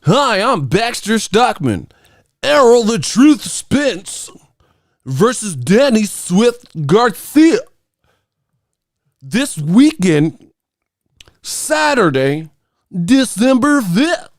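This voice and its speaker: A man putting on a stiff, square male TV announcer voice, high and slow. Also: very animated, no echo, studio quality, full character voice. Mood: prim. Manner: high, slow, over-polite.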